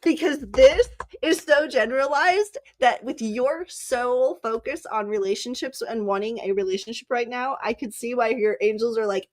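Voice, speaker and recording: A woman's voice: fairly high pitch, moderate pace. Giggly chatty woman reading cards. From Southern California. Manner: giggly, chatty, frequent laughter. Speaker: psychic reader. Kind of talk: casual tarot reading.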